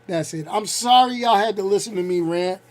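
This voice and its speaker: A man's voice: high voice, a little fast. A man in his fifties hosting a casual vlog, ranting bluntly with slang and frequent laughs. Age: 50s. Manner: animated, blunt, laughs a lot, uses slang. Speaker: channel host.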